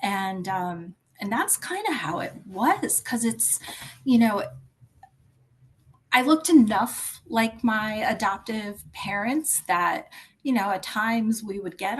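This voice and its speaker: A woman's voice: fairly high pitch, expressive, slow, low-quality recording. A woman in her fifties, a podcast guest, talking candidly and reflectively, sometimes dropping almost to a whisper. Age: 50s. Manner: reflective, chatty, drops to near-whisper for secrets. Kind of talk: candid personal interview.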